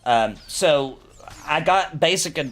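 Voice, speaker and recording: A man in his thirties hosting a casual gaming chat, telling an anecdote in an animated way, often tossing in "you know what I mean.". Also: a little high, slow pace, slight background noise. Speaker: host.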